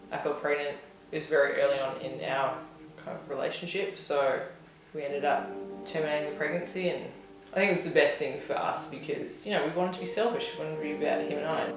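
A woman's voice: low-pitched, steady tone, fairly quick. A young woman telling her personal story in a candid, chatty way, full of "like". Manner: chatty, heavy on filler "like". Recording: roomy echo with music bed. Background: soft instrumental music.

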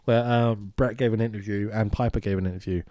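A man's voice: lowish voice, fairly even intonation, fast, dark tone, no echo. A man co-hosting a podcast, recapping a film in casual chat, swearing freely, laughing often and mimicking the characters. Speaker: podcast co-host.

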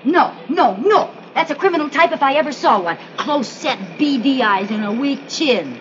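Dramatic, excitable sitcom housewife. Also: female voice, high voice. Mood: insistent. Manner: theatrical, rapid shifts into alarm. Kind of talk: 1950s sitcom acting. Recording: dull old TV soundtrack with audience laughter.

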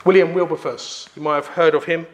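A man, preaching a sermon emphatically with pauses for effect. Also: a little high, steady tone.

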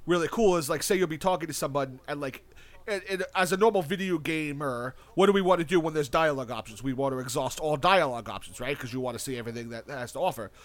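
A young man with a somewhat high-pitched voice talks in a loose, rambling way. He piles on "like" and starts sentences over and over. He swears casually and stays eager throughout. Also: fast. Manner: rambling, filler-heavy, with frequent restarts and casual swearing; enthusiastic about a video game. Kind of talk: casual chat.

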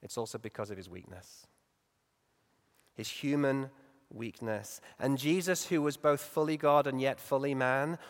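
A male preacher giving a Sunday morning sermon in a reflective, conversational way, growing animated as he acts out Bible stories. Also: mid-range voice. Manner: reflective, conversational, lively when acting out stories. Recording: long reverb in a large hall.

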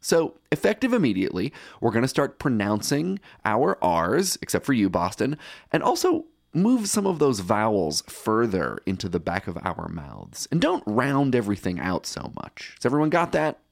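A man's voice: medium pitch, wildly swooping pitch, normal speed, creaky, dry recording, clean studio sound. A man playing a chummy colonial rebel.

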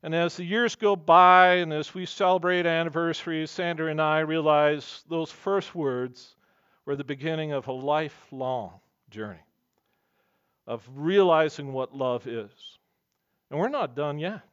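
A man's voice: on the high side, measured pace, a bit bright, clean tone, no echo, lo-fi sound. A man preaching a sermon as pastor, earnest and emphatic, weaving in personal stories.

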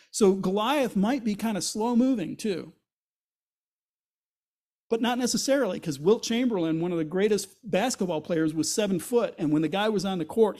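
A male pastor with a notably high voice delivers a sermon in church. He explains the passage conversationally, asks rhetorical questions, and briefly voices the characters he quotes. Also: mellow.

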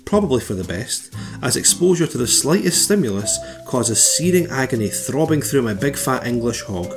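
A man's voice: medium pitch, sing-song, normal speed, music in the background. A man voicing a pompous, woman-scorning sixteenth-century English king, grandly reading out a comedic letter in character.

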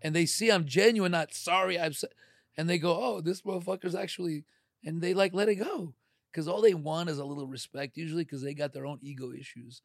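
A middle-aged man in casual podcast chat, animated and acting out quoted voices. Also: fairly high pitch, brisk, creaky, dry recording, studio quality.

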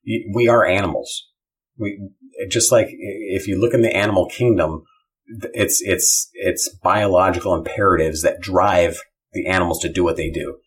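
A man's voice: low voice, steady tone, moderate pace, slightly rough. A man in casual chat, giving blunt, opinionated views with some profanity.

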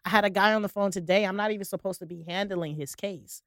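A woman's voice: mid-range voice, fairly even intonation, fast, no echo, clean studio sound. A young woman co-hosting a podcast in casual chat, telling stories frankly and emphatically and quoting herself. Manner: frank, emphatic storyteller who quotes herself. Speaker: podcast co-host.

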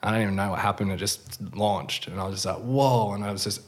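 Laid-back surfer man, low voice. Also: fairly even intonation, fast. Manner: laid-back, swears freely, acts out quotes. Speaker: surfer telling a story. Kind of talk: casual chat.

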